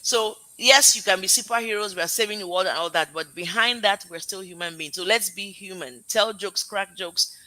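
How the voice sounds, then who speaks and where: Woman host, lively, very bright tense tone, dry close sound. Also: medium pitch, moderate pace, few pauses, dry recording, low-quality recording. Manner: lively, laughs at her own jokes. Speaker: podcast host. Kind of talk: casual chat, summarizing the guest's points.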